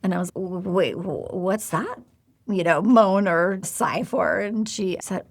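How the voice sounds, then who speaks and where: A woman's voice: medium pitch, takes it slowly, creaky. A woman in her forties hosting a podcast, telling a personal story in a candid, confiding way and speaking straight to the listener. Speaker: podcast host.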